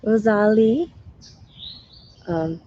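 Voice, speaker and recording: A woman's voice: medium pitch, animated, extremely slow, highs cut off, a little hiss or hum. A woman hosting a live stream as a spiritual medium, chatting casually with viewers, sounding tired in her morning voice and laughing often.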